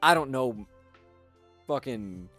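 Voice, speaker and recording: An animated American streamer takes it slowly in a medium-pitched, slightly bright voice, faint music behind. The casual livestream chat during a build rambles on, sweary and full of fillers.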